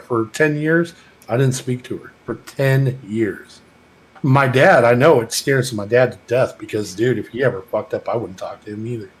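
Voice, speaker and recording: A man's voice: medium pitch, rough recording. A man with a Texas accent talking in a casual podcast chat, rambling, heartfelt and full of swearing. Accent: Texan. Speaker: podcast co-host.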